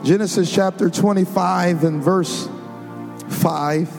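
Male preacher, gravelly voice, sermon that swells into sung shouts, music underneath. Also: high-pitched, steady tone, takes it slowly. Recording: music behind the voice.

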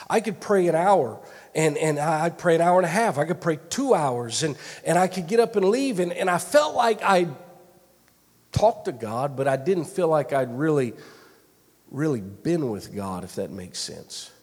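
A man's voice: on the high side, animated, normal speed, darkish tone. Earnest male preacher in a reverberant hall. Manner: earnest, repetitive storytelling with many restarts. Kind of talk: sermon.

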